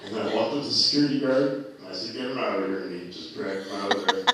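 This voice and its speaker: A man's voice: fairly low pitch, quick pace, crowd noise. A man telling a rowdy personal story in casual chat, loose and profane, often laughing as he talks. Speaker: storyteller guest. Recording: very echoey, distant mic.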